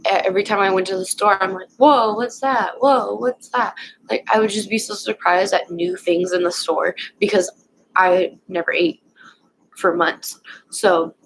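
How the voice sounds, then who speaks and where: A young woman vlogger casually telling a personal story at home, rambling and halting with lots of fillers. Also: mid-range voice, level tone, a bit bright, a little hiss or hum, low-quality recording.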